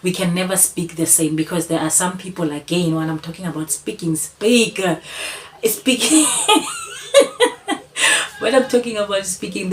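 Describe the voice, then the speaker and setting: A woman talks straight to camera with a low voice, giving motivational advice. She is earnest and coaxing and repeats her points, over a faint background hiss. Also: rough recording. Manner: earnest, repetitive, coaxing, addresses listener as "Sana". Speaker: channel host.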